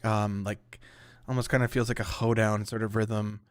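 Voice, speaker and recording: A man's voice: fairly low pitch, level tone, clear, resonant tone, no room sound. Man thinking aloud on a podcast. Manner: thinks aloud, halting and tentative. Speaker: podcast co-host. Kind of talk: casual podcast chat.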